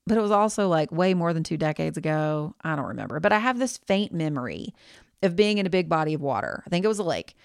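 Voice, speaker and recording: A woman's voice: low-pitched, animated, fast, creaky, smooth, no echo, studio quality. A woman hosting her own podcast, giving a candid, reassuring pep talk. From United States. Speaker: podcast host.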